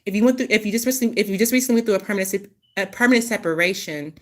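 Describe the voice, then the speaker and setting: A woman's voice: medium pitch, racing. A woman hosting a casual channeled reading, rambling, with many restarts and apologies. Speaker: intuitive reader, host.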